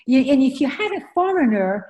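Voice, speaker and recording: Mellow-voiced woman, French native speaker. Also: sits high, sing-song, a little fast. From Argentina. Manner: earnest, storytelling, frequent fillers. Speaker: author and guest. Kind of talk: conversational interview.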